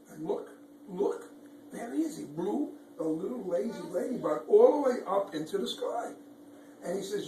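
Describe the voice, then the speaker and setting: A man reading a picture book aloud to children, animated, pointing out pictures and making sound effects. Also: high voice, a little slow. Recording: echoey room, far from mic, background noise.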